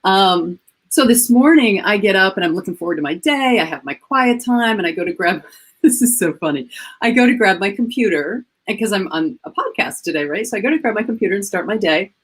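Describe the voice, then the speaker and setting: A woman in her fifties, a guest coach, chatting casually at home over a video call and telling animated stories. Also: mid-range voice, brisk, husky. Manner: animated, acts out quoted voices. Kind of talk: casual storytelling chat.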